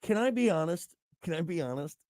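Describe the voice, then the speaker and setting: A man hosting a casual podcast chat. He is animated, laughs often and trails off mid-sentence. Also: fairly high pitch, brisk, dry recording, studio quality. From grew up on a farm. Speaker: show host.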